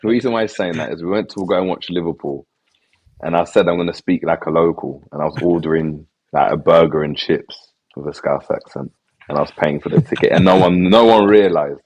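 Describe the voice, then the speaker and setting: A co-host from London tells a story in a casual stream chat, emphatic and unhurried. His voice is very low and husky. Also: a little mellow, rough recording.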